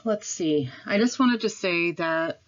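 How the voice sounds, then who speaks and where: A woman with a Midwestern accent talks casually into her camera at home. Her voice sits low, and she rambles a little, with pauses and apologies. The recording is dull and lo-fi. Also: animated. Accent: Midwestern American. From Midwestern United States. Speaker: vlogger.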